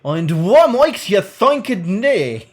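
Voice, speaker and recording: A man voicing a swarthy, eye-patched male sailor and dice gambler, with a thick put-on seafaring accent and a slow, drawn-out delivery. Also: on the high side, animated, a bit bright. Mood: gruff.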